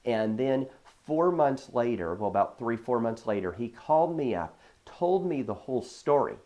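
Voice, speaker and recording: A real estate agent gives casual advice and shares stories from his deals in a conversational way, acting out quoted dialogue and using lots of fillers. His mid-range voice is a little mellow, with lively intonation and a normal speed.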